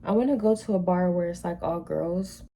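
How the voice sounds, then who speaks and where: A woman's voice: on the low side, moderate pace, dark tone, slight background noise. A woman hosting a reaction video, giving blunt, opinionated, slangy commentary on dating stories.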